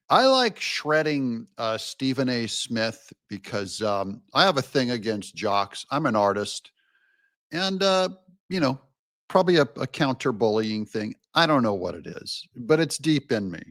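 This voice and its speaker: A man's voice: medium pitch, fairly bright tone, no room sound, clean studio sound. A man hosting a commentary show, talking in a sarcastic, rambling, mocking way. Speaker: show host. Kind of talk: political commentary.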